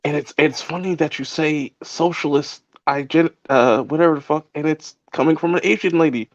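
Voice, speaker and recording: A man's voice: a little high, normal speed, no echo, highs cut off. A man chatting casually as a co-host, teasing and joking with swearing. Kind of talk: casual chat.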